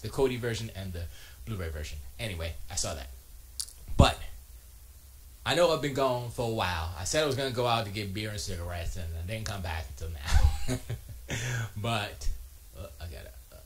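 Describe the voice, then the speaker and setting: A man hosting a casual livestream from his home music studio, reading chat aloud and joking, with quiet muttered asides to himself. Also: lowish voice, expressive, a little fast. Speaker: live streamer reading chat.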